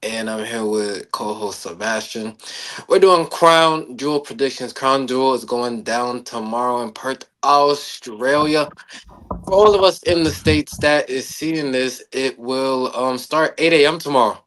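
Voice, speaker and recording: A man's voice: mid-range voice, a little slow. Laid-back male podcast host. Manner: relaxed, loose, uses many fillers. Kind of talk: casual podcast chat.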